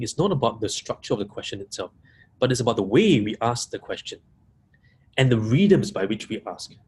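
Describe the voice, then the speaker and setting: A man's voice: medium pitch, a little mellow, husky. A man giving a webinar talk to coaches, repeating key points and stressing single words. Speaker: coaching trainer. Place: live audience room.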